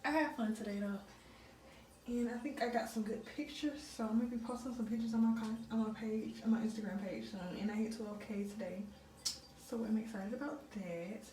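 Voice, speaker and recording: A woman's voice: a little high, steady tone, a little fast, mellow, poor audio. A woman in her twenties talking casually straight to her viewers, vlogging on a phone camera. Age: 20s. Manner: chatty, speaks straight to viewers. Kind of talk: casual vlog talk to camera. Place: restaurant and hotel, in and out of doors.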